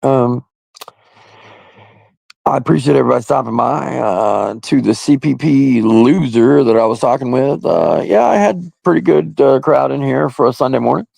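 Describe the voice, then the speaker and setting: A man's voice: mid-range voice, normal speed, a little mellow, dry recording. A man hosting a casual livestream, chatting loosely and crudely with viewers and often laughing. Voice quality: gravelly. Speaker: livestream host. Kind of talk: casual live-stream chat with viewers.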